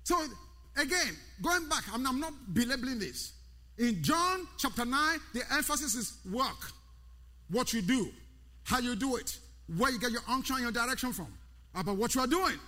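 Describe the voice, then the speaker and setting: A man with a very high, sharp voice preaches animatedly at a moderate pace, repeating key words with rising emphasis and calling out to his congregation by name. The recording carries long hall reverb.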